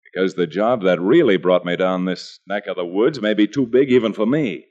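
An actor playing a calm, cocky outlaw gunslinger who talks in clipped, menacing lines, in a 1940s radio western. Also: male voice, deep voice, moderate pace. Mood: cool. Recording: dull old radio recording.

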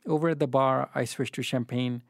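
A man giving a literary fiction reading in a measured, even way. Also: medium pitch, creaky, dry recording, studio quality. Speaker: reader.

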